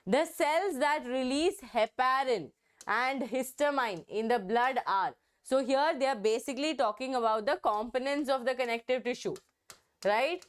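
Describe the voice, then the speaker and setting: High, smooth-voiced woman teaching biology. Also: normal speed. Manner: coaxing, repeats key words to stress them. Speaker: online exam-prep teacher. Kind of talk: live online biology class.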